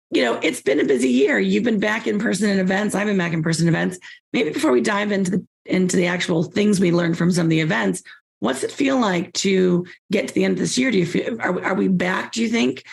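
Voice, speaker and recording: Brief: hoarse podcast host, woman, gravelly and raspy from a cold, chatty delivery. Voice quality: scratchy, squeaky voice. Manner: chatty, repeats words while thinking. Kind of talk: conversational podcast hosting.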